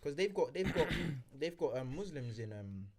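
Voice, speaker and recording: A man's voice: medium pitch, big pitch swings, moderate pace, a crowd in the background. A young man in a casual podcast chat, speaking hesitantly and carefully with frequent restarts.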